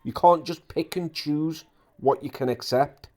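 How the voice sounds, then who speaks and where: Man, ranting commentary, indignant, repeats himself for emphasis, a bit high-pitched. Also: measured pace, darkish tone. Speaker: drama commentary YouTuber.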